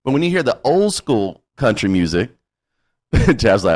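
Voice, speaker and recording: A man's voice: medium pitch, very animated, measured pace, a little mellow. Male podcast host, casual rant, salty language, laughs as he talks. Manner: blunt, profane, laughing rants. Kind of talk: casual chat.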